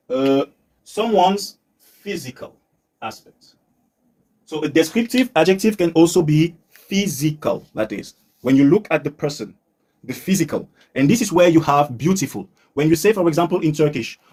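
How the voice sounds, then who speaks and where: A man teaching English on a live stream, patient, repeating words slowly and mixing in Turkish for his learners. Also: on the high side, darkish tone, breathy edge. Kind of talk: live-stream language lesson.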